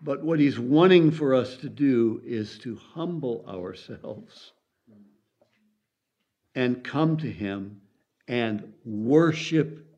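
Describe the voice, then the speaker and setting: A man preaching a sermon in an earnest, deliberate and emphatic way. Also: medium pitch, lively intonation, mellow. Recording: dull lo-fi recording.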